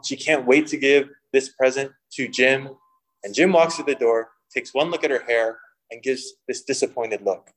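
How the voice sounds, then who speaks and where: A young man preaching a sermon, mixing humorous personal stories with scripture and lively voiced quotes. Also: medium pitch, low-quality recording. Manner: storytelling with humor, animated quoting. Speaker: pastor.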